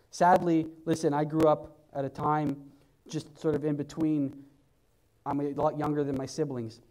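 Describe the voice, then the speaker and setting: A man in his forties preaches from a church pulpit with a handheld mic, his voice sitting a little high for a man. He exhorts his listeners, repeats lines for weight and climbs into loud fervor. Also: poor audio. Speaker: pastor. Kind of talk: sermon.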